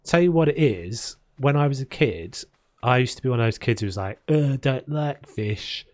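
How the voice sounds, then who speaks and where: A man's voice: mid-range voice, animated, a little fast. A man streaming a video game, chatting casually and rambling between topics as he builds. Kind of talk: casual chat while playing.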